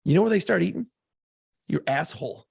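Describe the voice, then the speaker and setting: A man co-hosting a podcast, telling a profane, excitable story in casual chat. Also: a little high, a little fast, no room sound, clean studio sound. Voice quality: gravelly, husky voice. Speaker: podcast co-host.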